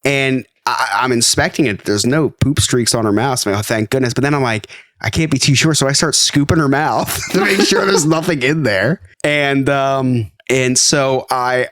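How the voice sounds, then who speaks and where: A man's voice: mid-range voice, normal speed, hardly any pauses, dry recording, clean studio sound. A congested young man co-hosting a podcast, telling a funny story and laughing as he goes. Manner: animated storyteller, laughs through his own story. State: a little congested. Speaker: podcast co-host. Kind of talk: casual storytelling chat.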